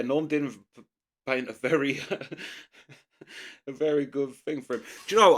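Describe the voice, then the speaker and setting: A man's voice: fairly low pitch, a bit bright. A man hosting a reaction video, chatting casually and enthusiastically, repeating himself as he reacts.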